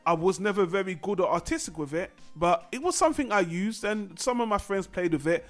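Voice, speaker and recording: High pitched guy hosting, rambly laid back talk, restarts a lot. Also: expressive, brisk, faint music behind. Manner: rambling, conversational, many restarts. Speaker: podcast host. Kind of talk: casual chat.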